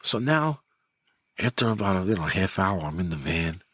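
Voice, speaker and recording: With a husky voice at normal speed, a middle-aged man from New York recounts a story in casual conversation. He's a guest and former mob enforcer who animatedly acts out quotes, raising his pitch.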